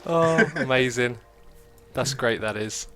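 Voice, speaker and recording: Bright-voiced laid-back English man. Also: mid-range voice, slow, soft background music. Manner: laid-back, responsive, joking. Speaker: co-host of a game livestream. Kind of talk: casual chat.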